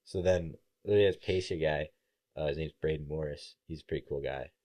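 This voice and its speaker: A young man with a very low, mellow voice, spinning a casual story on a podcast. He acts out other people's lines as he goes and swears freely. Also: fast. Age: young adult. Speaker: podcast guest, college baseball player.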